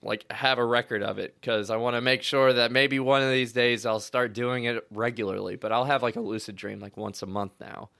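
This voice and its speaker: A young man telling stories in casual chat, slangy and animated, acting out what he said with big bursts of excitement. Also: mid-range voice, fairly quick, gravelly, hardly any pauses, clean tone. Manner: animated storyteller, slangy, acts out quotes loudly.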